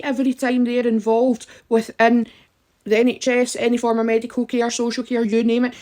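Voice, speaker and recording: A woman's voice: on the high side, darkish tone. Emphatic woman giving advice. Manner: emphatic and direct, addressing listeners. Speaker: campaigner. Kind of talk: impassioned advice talk.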